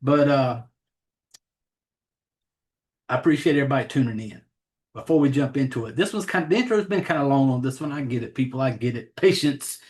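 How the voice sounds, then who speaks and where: A man's voice: medium pitch, a little fast, pauses often, a little mellow. A man with a Southern accent hosting a horror podcast, chatting casually and rambling, and making fun of himself for botching names. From Southern United States. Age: adult, has a child. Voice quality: rambling, profane, self-deprecating about names. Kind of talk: casual chat.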